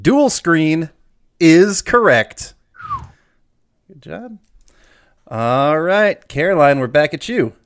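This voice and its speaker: A man runs a trivia game, reading long questions aloud. His voice sits a little high and moves around a lot in pitch, and he stretches out the words when he announces whether an answer is right. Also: clear, resonant tone. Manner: lively, drawn-out emphasis on answers. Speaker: quiz host.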